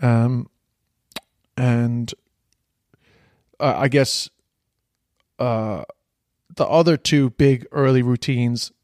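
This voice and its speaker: A man's voice: medium pitch, fairly even intonation, very slow, long pauses, darkish tone, no echo. Irish comedian guy, middle-aged, rambly storytelling, lots of restarts and swearing, dry close sound. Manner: rambling, many self-corrections, swears casually. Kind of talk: casual storytelling.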